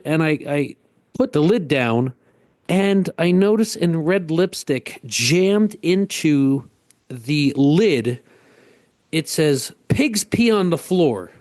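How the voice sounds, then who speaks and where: A middle-aged man from the Northeast United States co-hosts a podcast, spinning a long, rambling anecdote in casual chat, interrupting himself and acting out the quotes. His voice is mid-range with a darkish tone, captured as a dry, clean studio recording.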